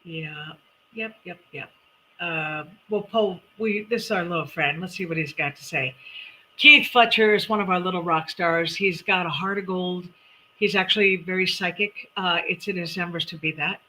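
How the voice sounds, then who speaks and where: Middle-aged woman host, bright and upbeat, chatty live-stream delivery. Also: fairly low pitch, moderate pace, a little hiss or hum, rough recording. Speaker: numerologist host. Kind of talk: live-stream chat and readings.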